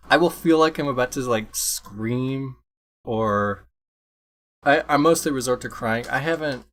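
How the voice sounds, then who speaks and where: Young man, casual home vlog on a computer mic. Rambles, apologizes, restarts a lot, mid-pitched. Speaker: vlogger. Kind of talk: casual unscripted talk to camera. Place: room at home. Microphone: computer microphone.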